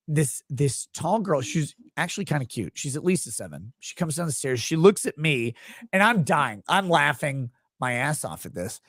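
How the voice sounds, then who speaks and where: A middle-aged male host tells a rowdy story in casual, profane chat, breaking into laughter now and then. His voice sits a bit high and swings widely in pitch. The sound is close and dry, with no room echo. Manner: animated, swearing, quick bursts, laughs while telling. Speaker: show host.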